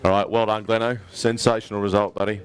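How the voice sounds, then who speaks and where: A man's voice: on the low side, level tone, quick pace. Matey Australian man emceeing a weigh-in. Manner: upbeat, matey, ad-libbing. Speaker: tournament emcee. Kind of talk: live prize presentation. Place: outdoor weigh-in event.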